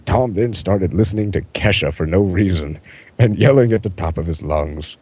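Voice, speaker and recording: A man reading absurd fan fiction aloud in a mostly deadpan way, often cracking up. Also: deep voice, normal speed, breathy edge, no room sound. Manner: deadpan delivery breaking into laughter. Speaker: reader.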